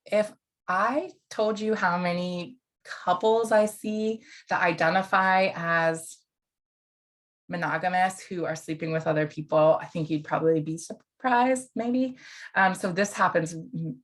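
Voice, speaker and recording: A woman's voice: fairly low pitch, measured pace. A woman counselor educator giving an online lecture in a casual, conversational way, with fillers and asides.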